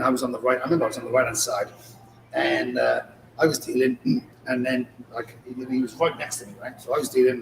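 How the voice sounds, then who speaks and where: A casino dealer who co-hosts a podcast tells casino stories in a mid-range voice, animatedly acting out the dialogue. It's casual storytelling recorded live in a showroom. The room is echoey, with a distant mic and background noise.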